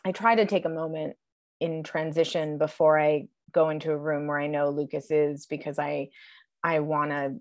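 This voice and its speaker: A woman in her forties, a guest on a podcast, talking reflectively and softly with frequent pauses. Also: low voice, little pitch movement. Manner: reflective, soft-spoken, many fillers. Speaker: guest, TV writer and producer. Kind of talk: casual conversation.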